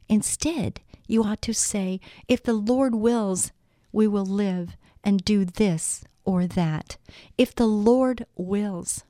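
Middle-aged woman, devotional show host, earnest, warm tone, dry close sound. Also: medium pitch, no echo. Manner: earnest, addresses listeners with direct questions. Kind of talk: devotional talk with scripture reading.

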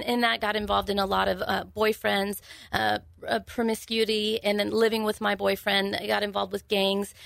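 Earnest woman with a gravelly voice. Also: medium pitch, no room sound. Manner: earnest, halting storytelling. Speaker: guest sharing testimony. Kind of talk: personal testimony interview.

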